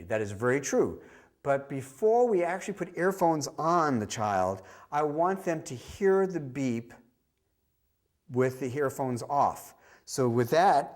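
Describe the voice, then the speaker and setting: A man's voice: mid-range voice, a little mellow. A man, a hearing specialist, teaching a workshop with a practical demonstration. He talks directly and repeats his key points. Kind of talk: instructional demonstration.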